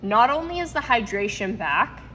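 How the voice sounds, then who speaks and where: Her voice a little high, sing-song, and fairly bright, this vlogger and product maker speaks at a normal speed with slight background noise. Addressing the camera casually, she rambles emotionally and keeps bursting into laughter.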